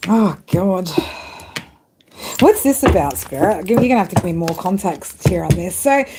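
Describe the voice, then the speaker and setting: A woman's voice: fairly low pitch, animated, normal speed, background noise. A woman doing a casual live tarot reading, chatty and full of swearing, calling her viewers girl and babe. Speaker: tarot reader.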